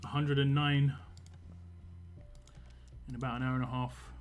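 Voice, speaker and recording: Casting note: male game streamer, West London accent, mid-pitched, rambling and chatty with viewers. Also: level tone, measured pace, soft background music. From England. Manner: chatty and rambling, answers chat as he plays. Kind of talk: casual livestream chat while playing.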